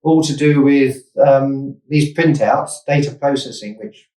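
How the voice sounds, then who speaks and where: A man's voice: medium pitch, unhurried, warm tone. This is a man in his sixties from Essex, England, reminiscing about his working life as a guest in an interview. He rambles, corrects himself mid-phrase and goes off on asides. He sits back from the mic in a room with noticeable echo. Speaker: investor and startup founder, guest. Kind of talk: anecdotal interview storytelling. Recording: roomy, distant mic.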